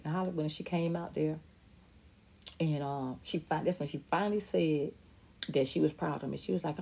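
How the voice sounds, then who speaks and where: A woman's voice: lowish voice, creaky, dark tone, slightly rough. A middle-aged woman hosting a podcast, talking candidly and emphatically about her life and answering viewer comments, sometimes mimicking other people's voices. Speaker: podcast host. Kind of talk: personal talk reading viewer comments.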